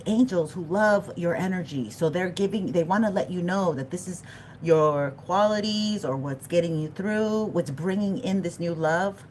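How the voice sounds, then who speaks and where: A woman's voice: medium pitch, slight background noise. A middle-aged woman giving a live-stream tarot reading, chatting with viewers, laughing often and drifting off topic. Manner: animated and chatty, talks to the chat, laughs often, loses her thread. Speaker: tarot reader.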